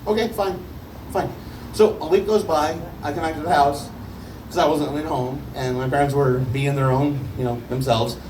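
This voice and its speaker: A man's voice: fairly high pitch, steady tone, recorded from a distance, background noise. Rambling man doing stand-up. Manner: rambling, halting, many restarts. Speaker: stand-up comedian. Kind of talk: stand-up set.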